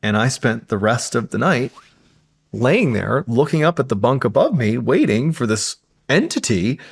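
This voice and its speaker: A man's voice: medium pitch, sing-song, normal speed, creaky, slightly rough. A man, a podcast guest, telling a suspenseful true story in casual conversation, building tension and often saying "like".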